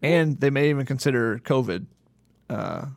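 Brief: male co-host, gravelly, measured sports opinions, dry close mic. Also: medium pitch, lively intonation, dry recording. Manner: thoughtful, hedging with "I think". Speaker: podcast co-host. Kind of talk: casual sports podcast banter.

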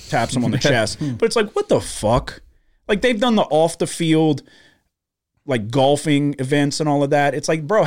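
A man co-hosting a sports betting podcast from a studio, ranting in heated, profane casual talk. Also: medium pitch. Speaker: podcast co-host.

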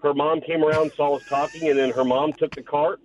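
A man's voice: fairly high pitch, fairly even intonation, fairly quick, darkish tone. A man calling in to a radio show, telling a personal story in a matter-of-fact, wry way. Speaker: caller. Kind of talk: telling a story on a phone call. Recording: dull lo-fi line with faint noise.

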